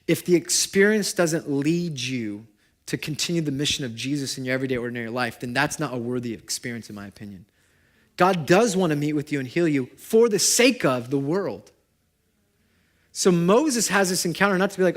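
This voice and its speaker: A man's voice: medium pitch, expressive, fairly quick. Young male pastor, chatty sermon style, mid-range voice, questions to the congregation. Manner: conversational, swings from loud to hushed. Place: church service before a congregation.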